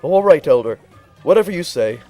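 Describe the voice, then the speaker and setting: A man's voice: fairly high pitch, lively intonation, a little fast, warm tone, faint music behind, pitched above the performer's own voice, lightly acted, rough recording. A man voicing a stubborn, proud young creature in a game playthrough, sneering and dismissive. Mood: defiant.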